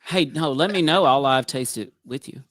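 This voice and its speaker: A man's voice: medium pitch, moderate pace, a bit bright, no room sound, studio quality. A man in casual group chat, friendly and enthusiastic. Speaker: guest contestant.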